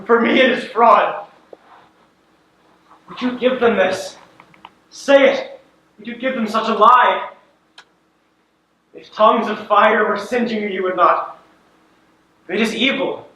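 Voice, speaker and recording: A teenage actor on a school stage playing an anguished, proud farmer, impassioned and breaking into shouts. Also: male voice, sits high, a little hiss or hum, exaggerated voice. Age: late teens. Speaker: student actor. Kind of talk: stage acting in a school play. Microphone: distant camera in the audience. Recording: echoey hall from far off.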